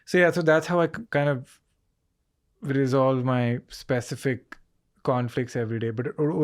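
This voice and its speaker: A comedian in a casual interview, animated and acting out both sides of his conversations. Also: medium pitch. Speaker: comedian guest.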